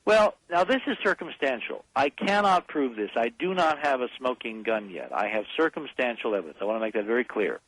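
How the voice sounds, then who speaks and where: A man's voice: mid-range voice, expressive, a little fast, few pauses, fairly bright tone, dry recording, low-quality recording. A man speaking as a guest on a late-night radio talk show, emphatic and insistent as he rallies the listeners. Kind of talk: impassioned radio call-in talk.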